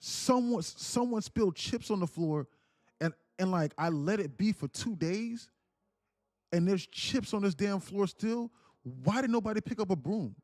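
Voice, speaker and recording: A man acting out an angry, exhausted working stepfather who scolds his household loudly and with exasperation. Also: sits high, lively intonation, a little slow, no room sound, clean studio sound, voice pushed up. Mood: exasperated.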